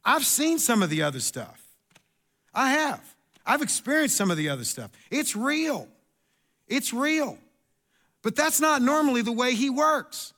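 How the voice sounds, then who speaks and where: A middle-aged man, preaching a sermon in an animated, storytelling way with asides and repeats. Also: very high voice, normal speed. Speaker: pastor.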